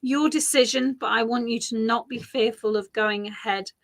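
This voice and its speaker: A woman giving a live psychic reading, speaking in a gentle, reassuring way and often repeating phrases softly. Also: fairly high pitch, moderate pace. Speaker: psychic reader.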